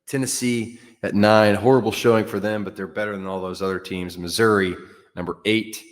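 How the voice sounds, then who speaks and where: A man's voice: on the low side, fairly even intonation, brisk, big-room sound. A man hosting a solo sports show, talking in a frank, offhand way with fillers and some mild cursing. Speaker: sports podcast host. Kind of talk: casual solo sports commentary.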